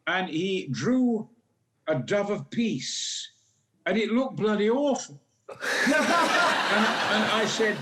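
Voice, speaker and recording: Talk-show guest in his eighties, Yorkshire accent, high and booming, dramatic raconteur. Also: animated, measured pace, a bit bright. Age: 80s. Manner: booming, dramatic, bawdy anecdotes. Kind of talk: theatrical storytelling.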